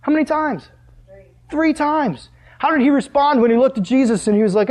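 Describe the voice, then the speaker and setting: High-voiced pastor preaching in church, lively, keeps quizzing the crowd. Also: male voice, fairly quick. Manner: animated, asks the audience questions. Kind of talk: sermon. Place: church hall with a live audience.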